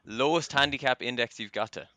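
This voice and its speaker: A man's voice: medium pitch, fairly quick, pushed and bright, slight background noise. An Irish man hosting a casual podcast chat, chatty and self-deprecating, with plenty of ums. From Ireland. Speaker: podcast host.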